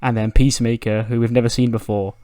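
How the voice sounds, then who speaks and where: A man's voice: mid-range voice, flat delivery, fast, mellow, smooth, no echo. A man casually recapping a wrestling simulation game in a loose, chatty way, swearing offhand. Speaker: game video creator.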